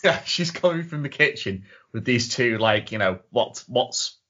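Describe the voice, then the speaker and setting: A man's voice: mid-range voice, unhurried. A man chatting casually, swearing and acting out scenes as he retells them. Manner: animated storyteller, swears, acts out quotes. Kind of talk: casual chat recapping a show. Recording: dull lo-fi audio.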